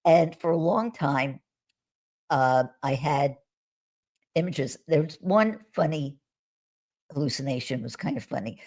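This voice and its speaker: A woman guest on a video call, recounting her experiences in a relaxed conversational way, with frequent restarts and soft laughs. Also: sits low, a little slow, pauses often. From United States. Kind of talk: conversational storytelling on a live stream.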